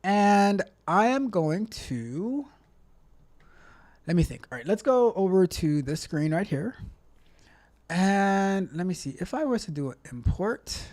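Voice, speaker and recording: A man's voice: sits high, very animated, takes it slowly, darkish tone, faint music behind. A man hosting a casual tech livestream, chatting with viewers in a playful, repetitive, motivational way. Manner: playful, repeats himself a lot. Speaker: tech coach livestream host.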